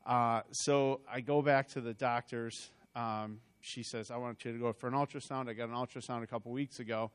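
A man stands before his church and tells his story in an everyday, chatty way, doubling back and restarting his sentences. His voice is smooth and clear, pitched in an ordinary middle range. He sounds like a middle-aged congregation member rather than a trained speaker. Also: fairly even intonation, normal speed, hardly any pauses. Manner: conversational, rambling with restarts and asides. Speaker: church member giving a testimony. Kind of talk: personal testimony told as a story.

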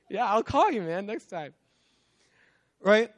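A man with a high, light voice preaching in a loose, conversational way. He keeps tossing in "like" and "right?" and laughs at himself as he goes. He sounds like a young father in his thirties talking straight to his congregation. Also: big pitch swings, unhurried, pauses often, fairly bright tone. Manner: conversational, lots of "like" and "right?", self-mocking laughs. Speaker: guest preacher. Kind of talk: casual sermon.

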